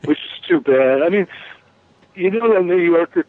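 A man from New York calling in to a radio chat, talking in halting restarts with the odd chuckle. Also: sits high, expressive, no room sound. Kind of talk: casual phone-in chat. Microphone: telephone. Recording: dry tinny phone line.

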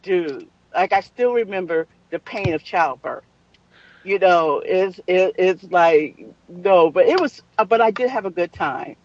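A woman in her fifties telling a story in casual podcast chat, brash, profane and animated. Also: fairly low pitch, unhurried, muffled recording. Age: 50s.

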